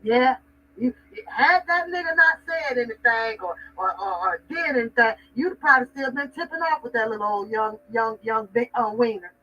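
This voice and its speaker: A woman's voice: on the high side, normal speed, pushed and bright, distant mic, slight background noise. A woman hosting a livestream, ranting casually in a mocking, rambling and profane way. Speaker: livestream host. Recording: dull lo-fi sound from off-mic.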